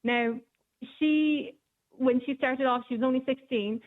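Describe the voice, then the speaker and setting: A woman with a fairly high voice tells stories in a relaxed, chatty way, often pausing on an um. She is heard over a thin, tinny phone line. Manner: chatty storyteller with many ums. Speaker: newspaper reporter. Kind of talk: casual radio chat.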